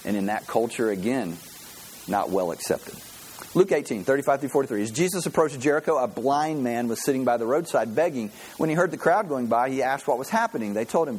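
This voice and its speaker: Husky animated preacher. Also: male voice, medium pitch, a little fast, poor audio. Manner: animated storytelling, acts out voices. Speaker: pastor. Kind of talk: sermon.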